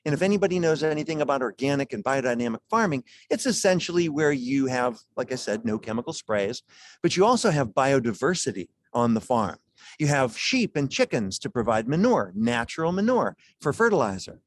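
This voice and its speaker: A man's voice: mid-range voice, big pitch swings, fairly quick. A man presenting wines at a charity gala over a video call, in a chatty, folksy way, chuckling as he talks.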